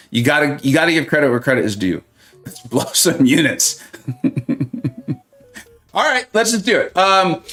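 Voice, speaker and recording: A man's voice: a little high, a bit bright. A man hosting a live mobile-game stream, chatting and joking with viewers, reading their comments aloud and laughing often.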